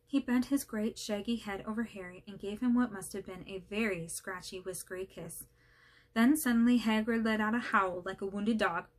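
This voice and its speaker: A woman's voice: medium pitch, normal speed. A woman casually reading a children's novel aloud, friendly and slightly hesitant, apologizing for slips. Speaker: channel host reading aloud.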